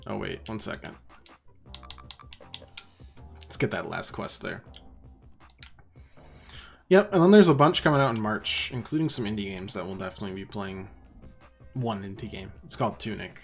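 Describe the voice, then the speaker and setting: Male streamer, low register, loose self-mocking banter over gameplay. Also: lively intonation, normal speed, creaky, pauses often, soft background music. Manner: chatty, reads game menus aloud, self-mocking. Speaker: streamer playing a video game. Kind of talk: casual let's play commentary.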